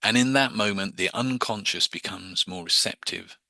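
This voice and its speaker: A man with a low voice that sounds very bright and forward explains hypnosis techniques to a group. His talk is informal and chatty, full of restarts and repeated words. The sound is dry and close, with no room around it. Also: normal speed, creaky, dry recording. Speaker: hypnosis teacher.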